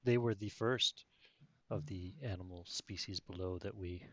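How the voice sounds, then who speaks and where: Guy doing a formal underground envoy, calm, explains things slowly, kinda low voice, tabletop game. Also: no echo. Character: calm male underground-dweller envoy, measured. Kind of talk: tabletop role-play acting.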